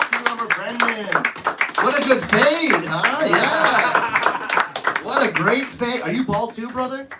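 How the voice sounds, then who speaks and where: A man's voice: very high voice, animated, takes it slowly, heavy background noise. A man in his thirties doing brash, teasing, profane crowd work as a stand-up comedian on a club stage. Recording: distant mic, loud laughing crowd.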